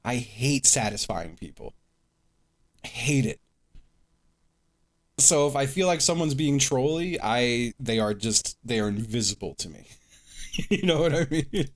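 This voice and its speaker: A man's voice: medium pitch, lively intonation, measured pace, pauses often. A man streaming live, chatting casually to his viewers, swearing freely and laughing often.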